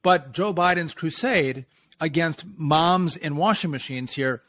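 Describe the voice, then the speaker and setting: A man's voice: a little high, unhurried, a bit bright. A man co-hosting a podcast, blunt and mocking in casual talk. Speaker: podcast co-host. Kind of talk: casual political chat.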